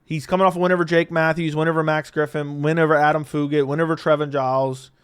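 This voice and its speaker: A man with a smooth, clear, slightly high voice talks through fight picks in a loose, unscripted monologue. He is blunt and cusses freely. He laughs often and jumps from loud bursts to mutters. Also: fast. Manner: blunt, profane, laughs often, animated swings in loudness. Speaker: MMA predictions commentator. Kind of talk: casual fight predictions monologue.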